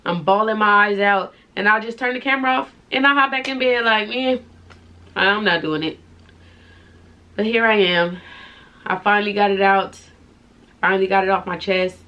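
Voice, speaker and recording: A young woman vlogger, speaking softly and informally in an emotional confessional vlog, tearful at times. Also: medium pitch, fairly even intonation, fairly quick, highs cut off. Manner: soft-spoken, heartfelt, informal slang.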